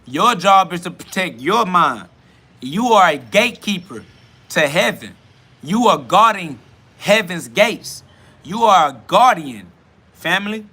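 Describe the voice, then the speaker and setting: High, bright-voiced man preaching in slang. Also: animated, measured pace, breathy edge. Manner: emphatic, profane, repetitive preaching cadence. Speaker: self-styled spiritual podcast host. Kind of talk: improvised street-slang sermon. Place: outdoors beside a road with passing cars.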